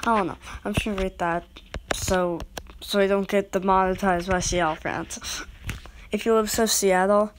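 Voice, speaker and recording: A woman's voice: medium pitch, steady tone, moderate pace, background noise. A woman making a casual video who rambles and interrupts herself while talking straight to her viewers. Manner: rambling, self-interrupting, talks to viewers directly. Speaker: video creator rating goal horns. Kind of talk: casual rambling vlog talk.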